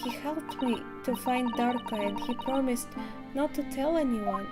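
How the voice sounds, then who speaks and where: A woman's voice: on the high side, unhurried, over loud music, lightly acted. A woman reading as a scared runaway ballerina. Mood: fearful. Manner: reading game lines aloud, hesitant.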